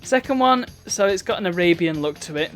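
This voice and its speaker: A man's voice: high-pitched, animated, a little fast, faint music behind. A man giving chatty, wry commentary while streaming a video game. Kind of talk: casual gameplay commentary.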